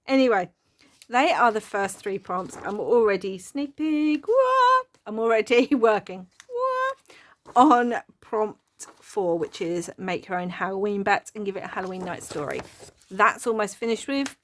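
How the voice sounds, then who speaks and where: A woman's voice: mid-range voice, normal speed. A middle-aged woman hosting a casual craft-journal flip-through, chatty and rambling and prone to giggling. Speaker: craft channel host.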